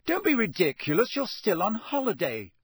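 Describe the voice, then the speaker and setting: A man voicing a sharp, shrewd middle-aged mother who scolds her sons, raised well above his own voice. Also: on the high side, big pitch swings, brisk, breathy edge, no room sound, studio quality, full character voice.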